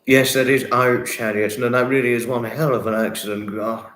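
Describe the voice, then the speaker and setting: A man hosting a livestream, chatting warmly with viewers and reading their comments, effusive and sympathetic, often repeating himself. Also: mid-range voice, steady tone, fairly quick. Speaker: livestream host. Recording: roomy echo.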